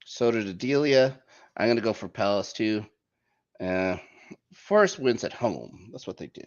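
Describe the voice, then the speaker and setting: Lively male podcast host, low voice, casual jokey delivery, muffled recording. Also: normal speed. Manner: lively, jokey, reads out fixtures. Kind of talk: casual sports chat. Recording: muffled lo-fi audio.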